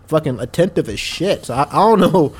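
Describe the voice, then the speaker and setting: A man's voice: on the high side, expressive, fairly quick, husky. A man co-hosting a casual podcast, talking in a laid-back, profane way and laughing easily. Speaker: podcast co-host.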